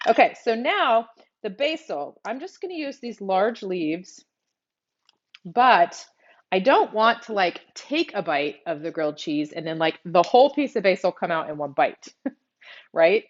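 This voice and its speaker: A woman's voice: fairly low pitch, muffled recording. Chatty Texan woman cooking live. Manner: casual, chatty, thinks aloud while working. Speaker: cooking show host. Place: home kitchen.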